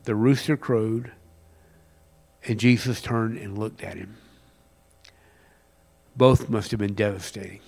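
A man preaching a sermon, rising to loud emphatic passages and dropping to a near whisper. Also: fairly low pitch, steady tone, slow pace, creaky, pauses often. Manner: reads scripture with plain conversational paraphrase. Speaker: pastor.

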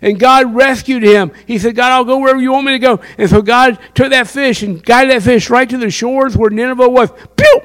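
Preacher guy, super high voice, fired up, keeps asking the crowd stuff. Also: fairly even intonation, fairly quick, few pauses, a bit bright, clear, resonant tone. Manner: impassioned, asks the crowd questions. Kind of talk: sermon.

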